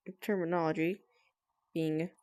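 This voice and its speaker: A woman talking quietly and carefully at home, explaining herself to friends with nervous laughs. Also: deep voice, steady tone, moderate pace. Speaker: vlogger. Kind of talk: casual explainer talk to friends. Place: at home with family nearby.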